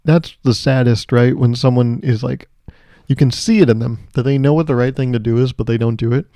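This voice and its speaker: A man's voice: medium pitch, steady tone, brisk, dark tone, dry recording, clean studio sound. A man hosting his own podcast, ranting alone in a sarcastic, profane, joking way and often laughing at his own lines. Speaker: podcast host. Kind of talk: solo comedic podcast monologue.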